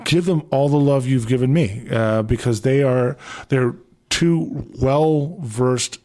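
Man, canadian accent, radio host, rambling, excitable, mid-pitched voice, radio studio. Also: slow. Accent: Canadian English. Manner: rambling, excitable storyteller with many restarts and fillers. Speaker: departing radio show host. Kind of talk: casual radio interview.

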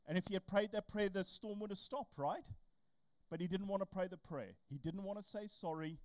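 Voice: medium pitch, brisk. A young adult preacher giving a casual, conversational sermon and acting out quotes. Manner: conversational, animated, acts out quotes. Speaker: youth camp preacher.

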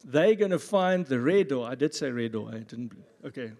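Man, pastor, church sermon, jokey animated asides, middle pitch, long hall reverb. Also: normal speed. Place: church service.

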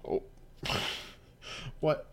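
Slow-talking man chatting over a game. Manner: excitable, laughing, chatty. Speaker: game player. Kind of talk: casual chat while playing a game.

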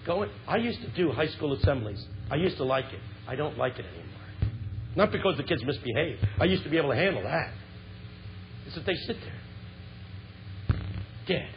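High-voiced man preaching with fiery swings. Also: fast, music in the background. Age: 50s. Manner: animated, swings from shouts to hushed lows. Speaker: Christian speaker. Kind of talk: humorous, impassioned sermon. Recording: muffled lo-fi with background hiss.

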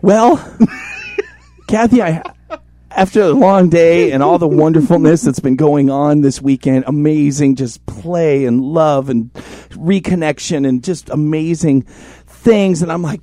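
A man with a notably high voice tells a story on a podcast, animated and full of swearing. His delivery is casual and lively. The recording is dry and close, with no room sound. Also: measured pace, no echo. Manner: animated, profane, acts out voices in quotes. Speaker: podcast host telling a story.

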